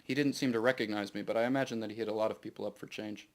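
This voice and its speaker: A man reading his own novel aloud to a live audience in steady first-person narration. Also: lowish voice, rapid-fire.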